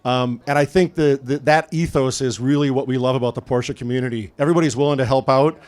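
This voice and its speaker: A man's voice: mid-range voice, steady tone, fast talker, a little mellow. A man from the American Midwest giving a casual storytelling talk at a car event, conversational with frequent "um" fillers. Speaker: guest speaker at a car event.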